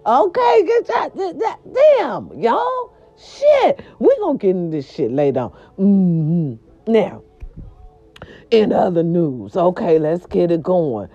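A woman hosting a casual celebrity gossip show, loud, animated, swooping and profane. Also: fairly low pitch, takes it slowly. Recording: dull lo-fi sound.

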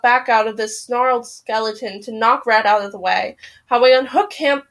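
Expressive woman reading a novel aloud. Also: on the high side, moderate pace. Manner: emotional, expressive first-person reading.

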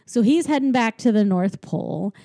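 A woman with a dark, mellow tone rambles through a casual recap. She is sarcastic and loose, full of fillers, and recorded dry and close. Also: a little high, lively intonation, normal speed, gravelly, no room sound. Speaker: podcast co-host. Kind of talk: casual chat recapping a movie.

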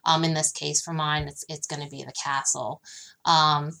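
Woman guest author, bright voice pitched a little low, animated storyteller with frequent ums. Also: moderate pace, gravelly. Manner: speaks about her daughter. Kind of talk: casual podcast interview.

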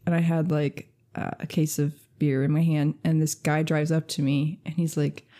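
A woman co-hosting a podcast, chatting casually and telling animated stories, acting out what people said. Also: low voice, moderate pace. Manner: animated storyteller, acts out quotes. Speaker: podcast co-host. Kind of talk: casual chat.

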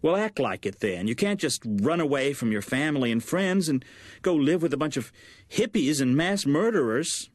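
A woman's voice: deep voice, animated, normal speed, darkish tone, no echo, pitched above the performer's own voice. A man reading aloud and voicing a fussy, anxious middle-aged mother who frets and pleads. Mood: fretful. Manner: fretful, pleading, easily tearful.

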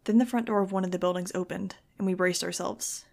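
A woman's voice: on the low side, steady tone, quick pace, vocal fry, a little mellow. A woman reading a novel aloud in first person, with a wry, sarcastic delivery. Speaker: audiobook reader.

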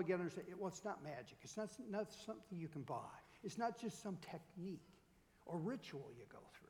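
A middle-aged man preaching a sermon as pastor, in an animated, conversational way. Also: high voice, brisk, long reverb tail.

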